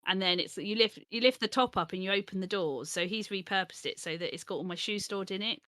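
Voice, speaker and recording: A woman co-hosting a podcast in casual chat, telling animated stories and acting out the voices of people she quotes. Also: medium pitch, quick pace, dry recording. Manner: animated storyteller who acts out quoted voices.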